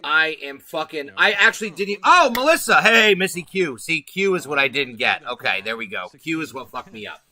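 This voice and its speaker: A man's voice: medium pitch, brisk, hardly any pauses, pushed and bright, rough recording. A man hosting a casual livestream, nervous and rambling, swearing as he talks to his chat. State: anxious. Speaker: livestream host.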